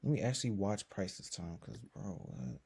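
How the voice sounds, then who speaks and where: A tired young man running casual commentary on his own trading, slangy and full of fillers, dropping to low mutters and then breaking into loud swearing. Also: big pitch swings, moderate pace, vocal fry, breathy edge. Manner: slangy, filler-heavy talk. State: tired from little sleep. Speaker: day trader streaming his session.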